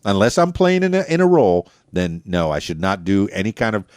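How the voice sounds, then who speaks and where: A man's voice: on the low side, sing-song, brisk, darkish tone, no room sound, clean studio sound. An American man hosting a podcast interview, chatting casually, joking and laughing often, with frequent repeated words. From United States. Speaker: podcast host.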